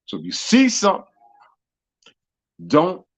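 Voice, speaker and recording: Profane, animated man telling stories. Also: high-pitched, unhurried, dry recording, poor audio. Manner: profane, animated, swings loud and soft. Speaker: live stream host. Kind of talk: casual storytelling chat.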